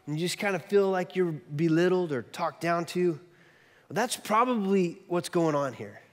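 Animated preacher man, high voice. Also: in a large hall. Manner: animated storytelling with quick shifts in loudness. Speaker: pastor. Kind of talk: sermon.

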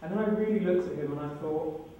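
A man's voice: a little high, quick pace, far from the mic, phone-quality sound, slight background noise. Wry British man telling a story in an echoey room. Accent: British English. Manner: wry, self-deprecating comic delivery. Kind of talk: live stage storytelling. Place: event room with live audience.

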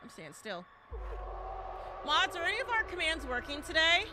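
High-pitched, animated woman streamer. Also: moderate pace, noisy background. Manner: animated, exclaiming and shouting at the game; talks to chat and teammates, repeats phrases. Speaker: gaming streamer. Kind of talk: live gameplay commentary.

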